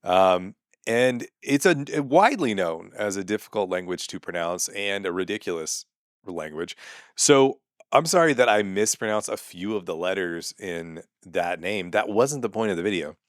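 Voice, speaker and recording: A man's voice: low voice, lively intonation, normal speed, no room sound. Exasperated man ranting in a dry room. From United States. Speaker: comedian. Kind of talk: comedic monologue. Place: home sun room.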